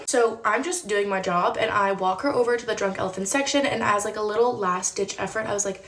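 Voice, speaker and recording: A woman's voice: medium pitch, fast talker, hardly any pauses, echoey room. A woman and former store employee telling a casual storytime vlog, chatty and full of "like" fillers, acting out the people she quotes. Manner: chatty, many "like" fillers, acts out quoted voices.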